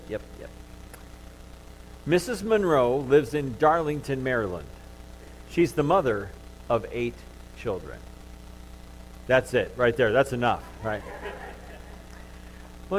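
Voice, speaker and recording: A man's voice: fairly high pitch, slight background noise, poor audio. Pastor man preaching a sermon. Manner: animated storytelling, softening to gentle comfort. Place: church.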